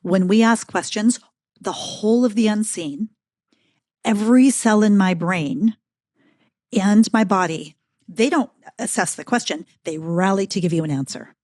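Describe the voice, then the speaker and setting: A middle-aged woman talking as a podcast guest, telling a story with emphatic, animated energy. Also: mid-range voice, measured pace, no room sound, studio quality. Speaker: podcast guest, keynote speaker. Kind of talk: casual conversational interview.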